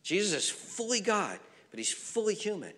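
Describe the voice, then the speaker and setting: A man pastor preaching a sermon, swinging from hushed near-whispers to raised, emphatic lines, repeating phrases as he builds. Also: sits high, huge pitch swings, moderate pace. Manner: repeats phrases and restarts words. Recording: long reverb from a large room.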